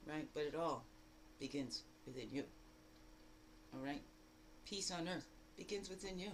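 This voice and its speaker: A woman giving a daily spiritual card reading in a lively, exclamatory way, full of rhetorical questions and repeated phrases. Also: measured pace, slight background noise, rough recording. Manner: animated, jumping between loud bursts and low asides. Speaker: spiritual guide.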